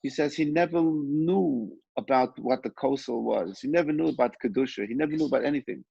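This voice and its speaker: A man teaching a Torah class and telling stories in an unhurried, halting way, with many pauses and restarts. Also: medium pitch, gravelly, dark tone, husky, dry recording. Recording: dull, lo-fi, dry sound.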